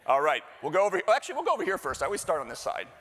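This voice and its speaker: A man's voice: high voice, huge pitch swings, rapid-fire, fairly bright tone. A middle-aged man giving a chatty live conference welcome, joking and quizzing the audience. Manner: jokey, chatty, works the crowd with questions. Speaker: executive director giving opening remarks. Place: large hall with live audience. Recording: long hall reverb.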